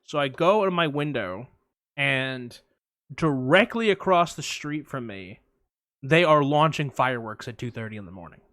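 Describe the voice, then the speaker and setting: A young man co-hosting a podcast, telling a long story in casual chat, animated, acting out quotes and swearing freely. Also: medium pitch, normal speed, no room sound, studio quality. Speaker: podcast co-host.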